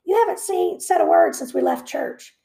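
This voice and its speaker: A woman's voice: extremely high pitch, animated, moderate pace, vocal fry, dark tone, echoey room, pitched above the performer's own voice, full character voice. A woman voicing a pastor's wife who coaxes her husband in a sing-song way. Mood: coaxing.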